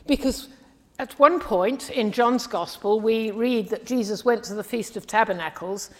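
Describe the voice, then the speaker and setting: A woman from the English Midlands preaching a sermon in a measured, earnest way, often trailing off softly at the ends of phrases. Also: mid-range voice. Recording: long hall reverb.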